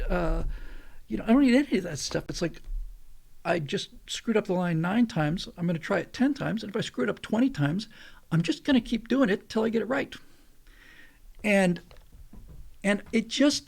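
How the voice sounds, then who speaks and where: A man's voice: sits high, vocal fry, a little mellow. A man hosting a show, telling a rambling anecdote in casual talk, restarting sentences and repeating words as he goes.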